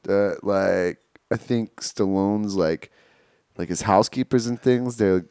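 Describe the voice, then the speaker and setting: A man's voice: fairly low pitch, slow pace, mellow, clear, resonant tone, no echo, clean studio sound. A man co-hosting a casual podcast, teasing his partner with crude jokes and laughing often. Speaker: podcast co-host.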